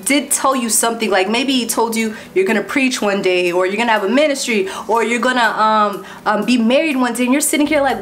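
A woman giving a casual Christian exhortation that ends in a prayer. She is lively and preachy, laughs between points and repeats herself. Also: on the high side, fairly quick, few pauses, slight background noise.

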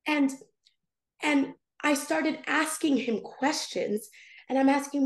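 A woman with a high, bright-pitched voice tells a personal story in a podcast interview. She is animated and expressive, leaping up in pitch when she acts out what she said. The sound carries a roomy echo. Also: takes it slowly. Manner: animated, acts out her own past dialogue with big pitch jumps. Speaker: guest, prophetic intercessor.

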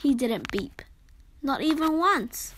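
A woman reading a children's storybook aloud in a gentle, expressive way. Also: sits high, takes it slowly, slight background noise.

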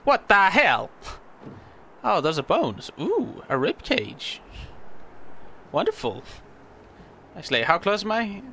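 A man's voice: sits high, wildly swooping pitch, takes it slowly, creaky, pauses often, pushed and bright, slight background noise. A young man giving casual, rambling gameplay commentary, stammering and swearing freely as he plays. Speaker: gaming video host.

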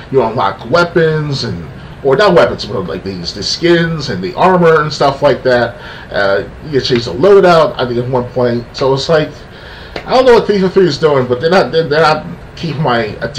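A man ranting on a casual podcast, frustrated and rambling, stumbling and restarting often. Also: mid-range voice. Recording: distant mic with faint background noise.

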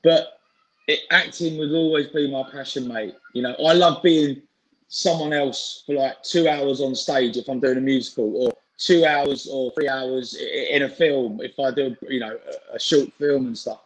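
A man's voice: mid-range voice, steady tone, moderate pace, rough recording. A man, chatting informally as an interview guest on a video call, full of fillers and restarts. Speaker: interview guest, singer and actor. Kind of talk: casual chat.

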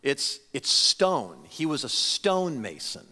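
A man preaching a sermon as a pastor, talking in an animated, conversational way with frequent restarts. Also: mid-range voice, slow, in a large hall. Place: church sanctuary.

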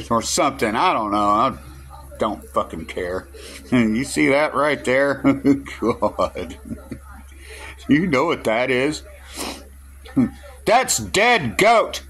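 A man with a drawl rambles to his camera, groggy from just waking up. He talks slowly in a bright, sharp-edged voice, chuckling between phrases and swearing as he goes. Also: mid-range voice, lively intonation. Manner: chuckles through his words, swears freely. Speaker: vlogger. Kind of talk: casual rambling vlog.

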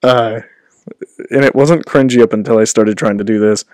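A man's voice: fairly low pitch, normal speed, darkish tone, dry recording, studio quality. Rambling, self-deprecating young man. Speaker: host. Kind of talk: casual rambling vlog. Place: home recording setup. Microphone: desk microphone.

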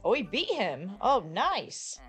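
A woman's voice: fairly high pitch, big pitch swings, slow, fairly bright tone, faint music behind. A woman giving casual gameplay commentary as a vlogger, playful and teasing, swearing freely.

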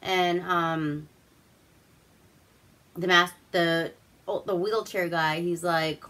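A woman's voice: fairly low pitch, fairly even intonation, extremely slow, pauses often, bright, forceful tone. A woman from Alaska hosting a casual movie review, rambling through the plot with crude, swearing humor.

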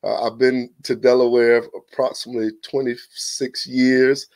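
A man in his forties from Virginia with a Southern accent, a pastor guesting on a church podcast, animated and telling stories with quick restarts. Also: medium pitch, dry recording. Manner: animated, exclamatory, storytelling, frequent restarts. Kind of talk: casual church podcast interview.

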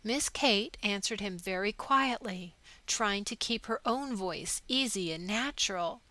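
A woman narrating a short story aloud, measured and steady. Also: medium pitch, no echo, low-quality recording. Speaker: audiobook narrator. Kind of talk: scripted narration.

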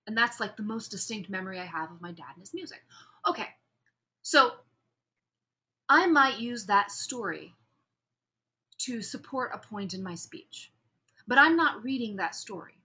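A woman's voice: mid-range voice, expressive, moderate pace, pauses often, sharp tone. A woman instructor giving a recorded lecture on public speaking, upbeat and chatty with frequent restarts.

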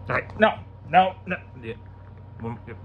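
Halting, crude stand-up guy. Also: on the high side, expressive, highs cut off, noisy background. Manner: halting, many fillers and restarts; crude, bursts into loud exclamations. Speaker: stand-up comedian. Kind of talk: rambling stand-up bit.

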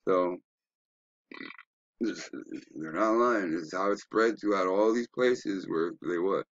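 A man's voice: sits low, slow, dry recording, lo-fi sound. A man giving a rambling, profane, preachy commentary while browsing web pages, asking rhetorical questions. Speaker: online commentator.

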